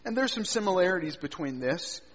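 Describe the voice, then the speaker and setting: A man preaching a sermon, swinging between loud emphatic lines and quiet low asides. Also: expressive, a little fast, breathy edge. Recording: dull sound with long hall reverb.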